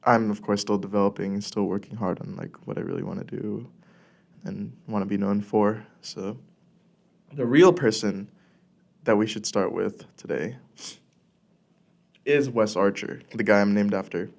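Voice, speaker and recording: A young adult podcast host from California delivers a casual solo monologue close to a studio mic, rambling with lots of "likes," fillers and restarts. His low, gravelly voice with vocal fry sounds congested from a cold, and he clears his throat. He talks at a moderate pace with long pauses and a darkish tone.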